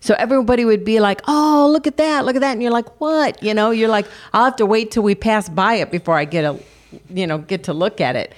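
An older woman speaks with earnest, encouraging warmth, weaving family anecdotes into spiritual advice. Her voice sits at an ordinary middle pitch for a woman. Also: quick pace. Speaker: co-host of a Christian talk show. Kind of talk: devotional encouragement.

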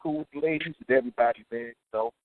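A man's voice: mid-range voice, fast talker, no echo. Laid-back New man on a phone line. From Trenton, New Jersey. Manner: laid-back, often adds "you know what I'm saying" and "man". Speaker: DJ, interview guest. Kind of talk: casual interview chat. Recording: tinny phone-like dry line.

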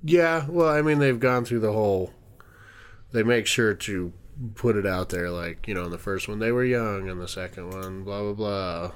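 A man's voice: lowish voice, moderate pace, clear, resonant tone. A young man co-hosting a podcast, chatting casually in a blunt, joking way and laughing often. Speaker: podcast co-host. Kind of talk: casual chat.

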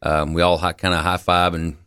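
Laid-back low-voiced country singer. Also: male voice, flat delivery, brisk, bright, forceful tone, clear, resonant tone. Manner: laid-back storytelling, laughs often, many fillers. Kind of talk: radio interview.

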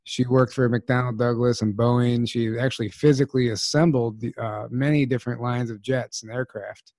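A man's voice: medium pitch, fairly even intonation, normal speed, darkish tone, no room sound. A man in casual conversation, telling a story with repeated "I said" and "she goes".

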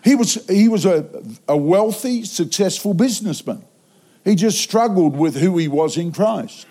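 A man preaching in a church auditorium, telling a funny story with animated delivery and sudden loud outbursts. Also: high-pitched, unhurried. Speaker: traveling preacher. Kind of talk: sermon.

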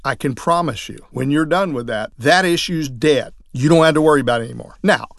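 Man, trial lawyer, instructional talk, folksy storytelling, acts out lines, fairly high pitch, dry sound. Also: a little fast, creaky, no echo. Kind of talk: instructional talk on courtroom technique.

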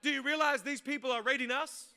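A man, a pastor preaching a sermon, mixing funny stories with loud, rising exhortation. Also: extremely high pitch, quick pace, gravelly, smooth. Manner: humorous storytelling, building to loud preaching. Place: church stage before a congregation.

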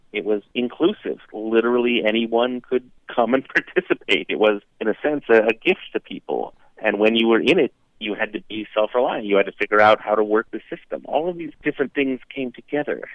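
A man calling in as a guest on a talk show, telling a story in an animated way and acting out the characters. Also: on the low side, no echo. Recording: tinny phone line, dry.

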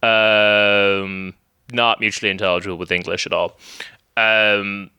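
A man's voice: on the low side, level tone, unhurried, bright, forceful tone, clean tone, no room sound. A man, rambling casually as a podcast guest with lots of fillers and restarts.

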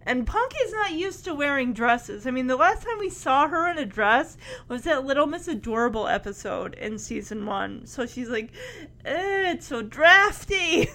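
Giggly high-voiced woman recapping a show. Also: a bit bright. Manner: chatty and giggly, many fillers like "like". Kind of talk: casual episode recap.

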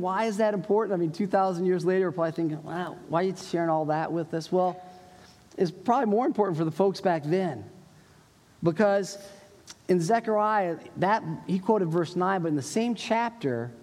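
Male pastor, chatty teaching sermon, higher voice, echo of a big church hall. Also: darkish tone. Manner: conversational, explanatory preaching with quoted voices. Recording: long hall reverb.

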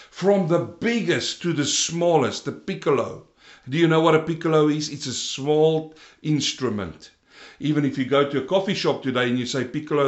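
A man delivers a sermon in a slightly high voice, swinging from loud, rising emphasis down to low, quiet stretches. The sound carries a roomy echo around him. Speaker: preacher.

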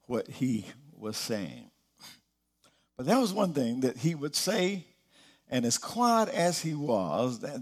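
A middle-aged man delivers a sermon at an unhurried pace, with a voice of ordinary pitch. He sinks into soft, low passages and then climbs to emphatic high points for stress. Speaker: preacher.

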